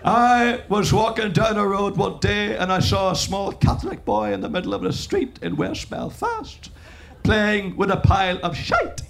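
A man's voice: high voice, very animated, moderate pace, creaky, a bit bright, full character voice. A man doing a comic impression of a fiery older preacher, bellowing and drawing out his words. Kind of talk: stand-up impression.

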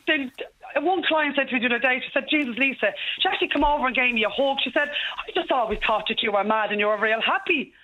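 An Irish woman in her forties calling in to a radio show, talking fast and emotionally without stopping. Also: high voice. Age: 40s. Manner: rapid, tumbling, unstoppable talk. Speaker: caller. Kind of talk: emotional call-in radio talk. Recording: tinny phone line.

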